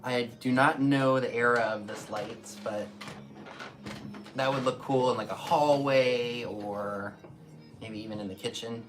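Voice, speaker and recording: A man's voice: mid-range voice, fairly even intonation, a little slow, soft background music. A man selling antiques on a live stream, talking casually and easygoing while showing items. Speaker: antiques seller.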